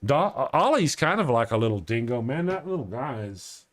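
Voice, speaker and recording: A man's voice: medium pitch, big pitch swings, normal speed, no echo. A man hosting a live stream in casual chat, rambling and chuckling as he reads viewer comments aloud. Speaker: live-stream show host.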